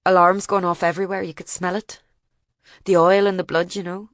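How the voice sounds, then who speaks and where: Woman reading older male farmer, grieving, halting local speech, lowish voice, dry audiobook sound. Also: flat delivery, dry recording, natural voice. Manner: plain-spoken, halting, in local dialect.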